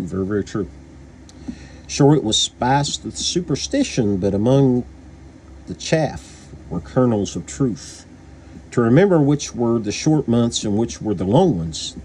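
A man's voice: fairly low pitch, darkish tone, a little hiss or hum. A man from Kentucky with a Kentucky accent, casually reviewing a book, rambling with many fillers and restarts.

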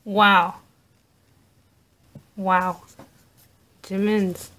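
A woman vlogger narrating an unboxing, gushing with awed exclamations and soft asides. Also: mid-range voice, little pitch movement, extremely slow.

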